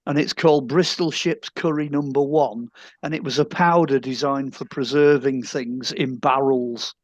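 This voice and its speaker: A man's voice: medium pitch, fairly even intonation, moderate pace, dry recording, dull audio. A man, eagerly explaining a nerdy bit of history in a casual chat.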